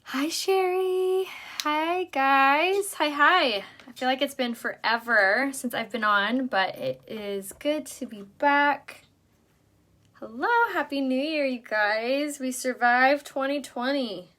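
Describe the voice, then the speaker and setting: A woman's voice: high-pitched, slow, bright, forceful tone. A middle-aged woman hosting a casual makeup live stream, bubbly and chatty but tired from a late night. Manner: bubbly, chatty, greets viewers. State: tired, yawning.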